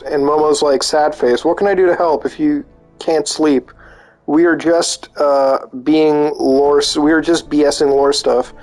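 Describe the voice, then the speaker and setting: A man streaming live, reading posts aloud and reacting with disbelief and swearing. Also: a little high. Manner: incredulous, swearing, reacting out loud.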